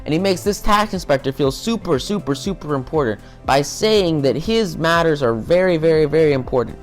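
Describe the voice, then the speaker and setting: A man's voice: a little high, expressive, brisk, faint music behind. A man giving a casual recorded business lecture, talking loosely with lots of "you know" and repeated words. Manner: conversational, many fillers and repetitions. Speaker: business skills instructor.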